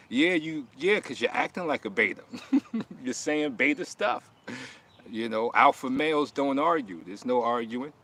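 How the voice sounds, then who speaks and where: The host of a martial arts channel answers chat during a casual livestream, laughing and mocking in a heated, animated way. His voice is mid-range, creaky, and unhurried.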